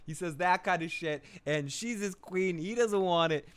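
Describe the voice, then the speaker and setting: A man's voice: high voice, a little slow, fairly bright tone, clear, resonant tone. A man hosting a live television recap, retelling scenes in a crude, joking, rambling way. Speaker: host of a live TV recap show. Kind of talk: casual live recap commentary.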